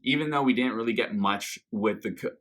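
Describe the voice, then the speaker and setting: A man's voice: medium pitch, brisk, a bit bright. A man hosting a reaction video, talking through an episode review in a casual, enthusiastic and rambling way. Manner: enthusiastic, rambling with fillers and restarts.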